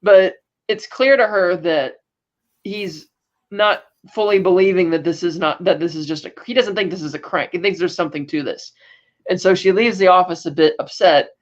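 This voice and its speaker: A woman's voice: on the low side, moderate pace, lo-fi sound. A woman co-hosting a podcast, casually recapping episodes in a rambling way and acting out quotes. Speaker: podcast co-host.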